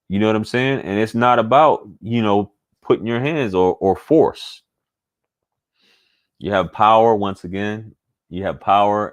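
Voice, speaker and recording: A man, talking candidly and casually to his audience as a channel host, repeating points for emphasis. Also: lowish voice. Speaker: channel host giving dating advice. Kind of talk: casual monologue to camera.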